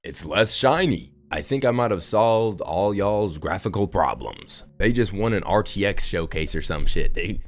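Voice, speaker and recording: A man's voice: deep voice, animated, normal speed, few pauses. Casual, sarcastic young man commenting. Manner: casual, sarcastic, swears freely. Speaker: gaming video creator. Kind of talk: opinionated commentary monologue.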